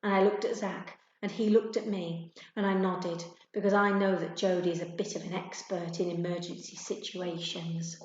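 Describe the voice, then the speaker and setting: A woman reading a children's storybook aloud to pupils, gentle and expressive. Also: fairly low pitch, moderate pace. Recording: echoey room, dull sound.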